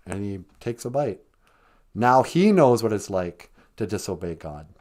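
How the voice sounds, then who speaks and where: Male comic storyteller, rambling and animated, very lively pitch. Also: a little slow. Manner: rambling, animated, chuckling asides. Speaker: comic storyteller on a live stream.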